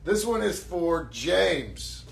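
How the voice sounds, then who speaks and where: A man with a fairly high-pitched voice chats casually on a live stream while he signs autographs. He jokes about himself and thanks each fan warmly. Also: big pitch swings, drawn-out words, gravelly, slight background noise. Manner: jokey, self-mocking, warm thanks.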